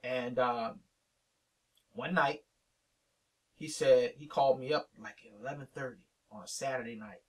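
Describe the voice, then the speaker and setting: Man, 50s, veteran DJ, animated storyteller, voice a bit off-mic. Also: medium pitch, moderate pace, pauses often, far from the mic. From Richmond, Virginia. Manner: animated storyteller acting out both sides of old conversations. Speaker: veteran hip-hop radio DJ, interview guest. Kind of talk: storytelling in a sit-down interview.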